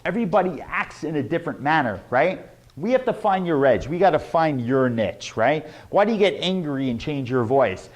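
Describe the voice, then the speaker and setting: Man swooping his pitch dramatically. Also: sing-song, darkish tone. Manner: swooping exaggerated pitch, emphatic and drawn out; rhetorical questions, fast asides. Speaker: sales trainer. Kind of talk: motivational sales lesson.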